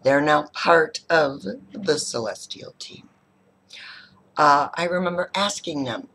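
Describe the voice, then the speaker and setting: A middle-aged woman, a spiritual teacher, talking about her own experience in a halting, heartfelt way and now and then dropping to a whisper. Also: deep voice, animated, a bit bright, a little hiss or hum. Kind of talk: personal reflective talk.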